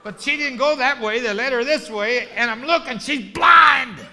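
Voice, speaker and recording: A man preaching a lively testimony sermon, telling a story with shouts and laughter. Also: very high voice, moderate pace, a little hiss or hum. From rural ranch background.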